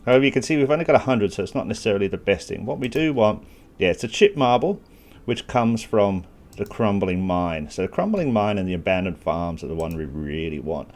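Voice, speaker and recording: Low-voiced man talking through gameplay. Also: expressive, a little fast, a little mellow. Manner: casual, thinking aloud with self-deprecating asides. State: has the hiccups. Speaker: gaming channel host. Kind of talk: gameplay walkthrough commentary.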